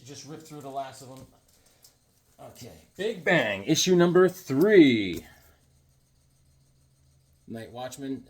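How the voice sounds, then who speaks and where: A man casually showing off and recapping comic books, talking in an enthusiastic, rambling way with many restarts and fillers. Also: medium pitch. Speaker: comic book reviewer. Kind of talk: casual comic book show-and-tell.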